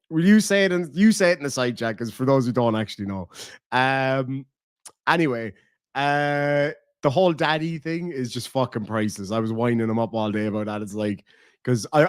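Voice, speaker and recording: A man's voice: medium pitch, no echo, clean studio sound. A young Irish man hosting a casual livestream, swearing, joking and reading out chat messages. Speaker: livestream host.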